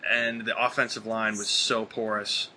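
Bright-voiced man on a podcast. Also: fairly low pitch, moderate pace, slight background noise. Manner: animated, rambling with restarts. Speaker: podcast co-host. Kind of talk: casual podcast chat.

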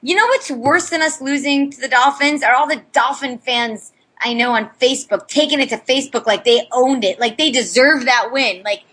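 Candid and quick to laugh, a woman swears freely while chatting casually as a podcast co-host. She has a high-sitting, fairly bright voice with a slight roughness.

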